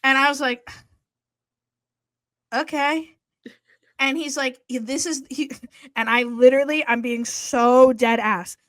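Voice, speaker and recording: With a high voice, a slow pace, and long pauses, a young woman co-hosting a podcast tells a story in casual chat. She's animated and swears freely while acting out what others said, and the recording is dry.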